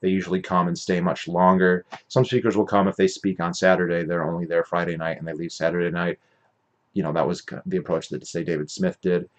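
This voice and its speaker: Low-voiced rambling man. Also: little pitch movement, fairly quick. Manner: rambling, self-correcting, opinionated. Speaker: podcast host. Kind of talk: casual monologue recap.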